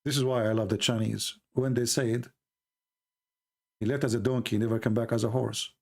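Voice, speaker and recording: A man's voice: mid-range voice, steady tone, normal speed, gravelly, a little mellow. A man giving argumentative commentary, telling a folk tale and mocking his opponents as he acts out their voices.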